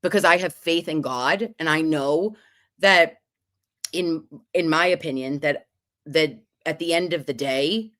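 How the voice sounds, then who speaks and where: A woman's voice: deep voice, unhurried, fairly bright tone. A woman hosting a casual livestream, chatty and gushing as she reads out viewer comments. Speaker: livestream host.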